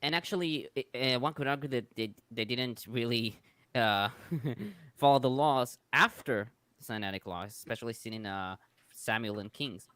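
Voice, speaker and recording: A man's voice: medium pitch, moderate pace, fairly bright tone, no room sound. A man on a casual online panel, adding precise, scholarly points and corrections over a video call. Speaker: panel guest.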